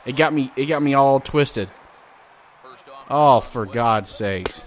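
Loud, foul-mouthed gamer guy. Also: mid-range voice, takes it slowly. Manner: loud, vulgar, excitable banter. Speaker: gaming channel host. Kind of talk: let's play commentary.

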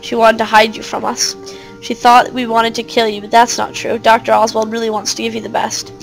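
Woman reading a creepy aunt sweet-talking her niece, cold underneath, kinda high voice. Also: monotone, brisk, creaky, soft background music, rough recording. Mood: coaxing. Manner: coaxing, cold.

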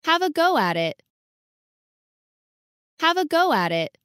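Slow, high-voiced woman reading English drills. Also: sing-song, fairly bright tone, dry recording, studio quality. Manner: reads each short sentence twice. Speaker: English lesson reader. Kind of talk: slow, clear sentence reading for repetition.

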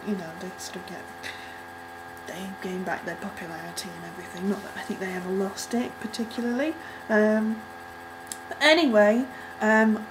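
A young woman with a medium-pitched voice reacts casually to a music video, rambling with plenty of ums and likes and bursting into excited squeals. Background noise can be heard.

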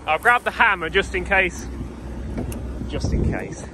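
A man's voice: sits high, lively intonation, unhurried. A man hosting a vlog, bantering dryly while working outdoors in a boggy field. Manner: dry, joking, matter-of-fact. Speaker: vlog host. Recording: outdoor clip with clear background noise.

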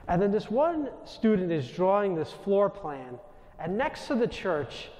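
A Jesuit priest with a New York accent tells stories to a live crowd, turning now and then to speak to people in the room. His voice sits a little high for a man. It carries a long reverb from a large hall. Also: measured pace. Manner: animated anecdotal storytelling, asides to the audience. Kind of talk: storytelling talk to a live audience.

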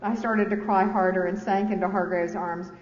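A woman's voice: medium pitch, steady tone, moderate pace. Candid woman author speaking in an echoey hall. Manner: candid, self-deprecating, laughs with the audience. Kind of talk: reading from her memoir with spoken asides. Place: large lecture hall. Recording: echoey hall, dull lo-fi sound, faint hiss.

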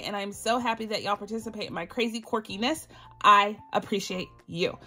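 A woman's voice: medium pitch, steady tone, brisk, bright, forceful tone. A woman hosting a budgeting channel, chatting casually and giggling as she talks to viewers.

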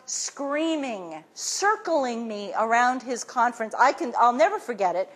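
A woman giving a talk to an audience, telling her story with lively acted-out quotes and frequent restarts. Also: on the high side, a little slow, few pauses. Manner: acts out quoted voices, restarts often.

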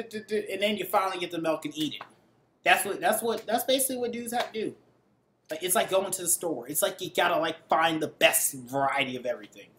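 A man's voice: sits high, a bit bright, a little hiss or hum. Young man ranting profanely in echoey room. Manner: profane, rambling, acts out quoted voices. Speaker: vlogger. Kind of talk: casual ranting monologue.

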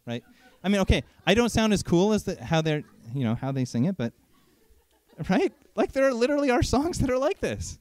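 A man preaching a sermon in an animated, conversational way, asking frequent rhetorical questions. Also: extremely high pitch, a little fast, no room sound.

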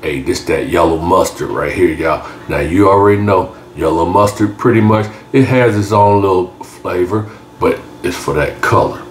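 A man's voice: sits low, moderate pace, roomy sound, slight background noise. A man hosts a cooking video in a home kitchen, talking in a laid-back drawl and saying y'all often. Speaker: cooking channel host. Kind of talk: casual cooking tutorial narration.

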